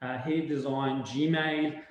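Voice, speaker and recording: A man giving a casual webinar talk, animated and rambling, full of fillers and restarts. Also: mid-range voice, takes it slowly. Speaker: webinar speaker. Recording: very echoey room.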